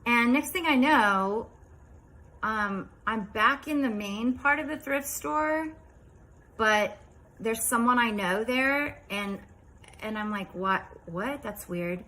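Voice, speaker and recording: A woman in her fifties casually recounting a strange dream, chatty and rambling, dropping into quiet asides. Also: a little high, slow pace, rough recording. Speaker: vlogger.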